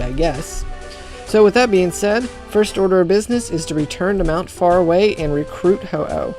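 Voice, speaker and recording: A man's voice: a little high, mellow. A man casually commenting on a video game he plays, making sarcastic jokes and reading text aloud. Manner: sarcastic, joking asides. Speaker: let's play host.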